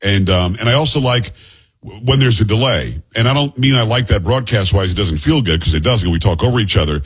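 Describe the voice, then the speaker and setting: Middle-aged male radio host, quick husky delivery, jokey banter. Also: lowish voice, expressive. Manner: fast, chatty, joking. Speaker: radio talk show host.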